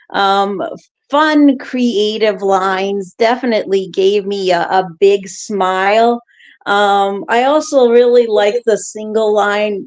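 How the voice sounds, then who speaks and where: A woman co-hosting a poetry show, chatting casually and giving praise with halting restarts. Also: mid-range voice, a little mellow. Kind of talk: casual chat.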